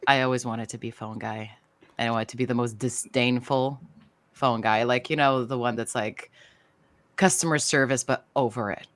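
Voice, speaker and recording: A woman's voice: very deep voice, steady tone, normal speed. A woman voice actor chatting playfully on a fan Q&A panel. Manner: playful, lots of fillers and laughter. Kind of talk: casual panel chat.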